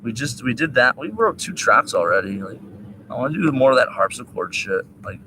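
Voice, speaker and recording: A man's voice: mid-range voice, animated, brisk, sharp tone, a little hiss or hum, poor audio. Rambling, profane man streaming from a park. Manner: rambling, profane, sing-song asides. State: high. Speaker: live streamer. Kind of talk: rambling outdoor livestream chat. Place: park outdoors.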